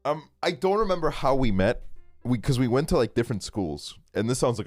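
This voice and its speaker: A man's voice: mid-range voice, animated, quick pace, a little mellow, dry recording, soft background music. A young man streaming a game, telling a casual story in a rambling way, full of fillers and swearing. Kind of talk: casual storytelling while gaming.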